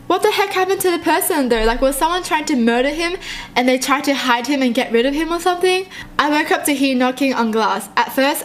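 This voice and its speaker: A young woman reading short horror stories aloud and reacting in a jumpy, excitable way, often laughing. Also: high-pitched, a little hiss or hum.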